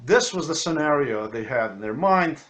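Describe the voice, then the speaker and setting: A man's voice: fairly high pitch, expressive, normal speed, fairly bright tone. A man in non-native English giving rambling spoken commentary over video clips, ranting and often correcting himself. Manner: ranting, with frequent restarts and self-corrections.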